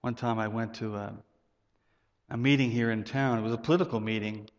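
A man preaches in an easy, conversational way, doubling back on his words and climbing high in pitch when he wants to stress a point. His voice rings out with a long reverb from a large hall. The sound is muffled and dull. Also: steady tone, brisk. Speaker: pastor. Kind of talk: sermon.

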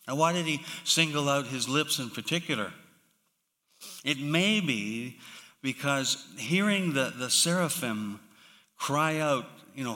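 A man preaching a sermon, slow and emphatic, with sudden drops to hushed tones. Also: a little high, sing-song. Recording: long hall reverb.

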